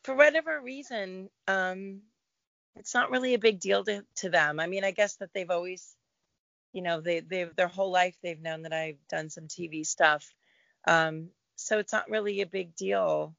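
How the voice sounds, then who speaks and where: A middle-aged woman, a guest actor, talking in a relaxed, reflective interview about her career. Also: on the low side, moderate pace, vocal fry, dry recording, muffled recording. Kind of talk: casual interview chat.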